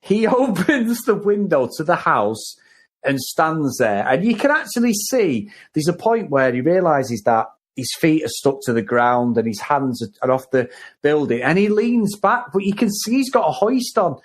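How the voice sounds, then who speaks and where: Male co-host, higher register, excitable rambling review chat. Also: moderate pace. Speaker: podcast co-host. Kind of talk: casual film review chat.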